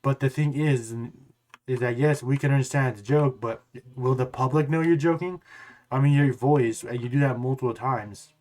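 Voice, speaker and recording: A man's voice: mid-range voice, normal speed, darkish tone. Rambling man talking straight to camera. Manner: rambling, repeats words and restarts; blunt, swears casually. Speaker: gaming YouTuber. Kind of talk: casual storytelling to camera.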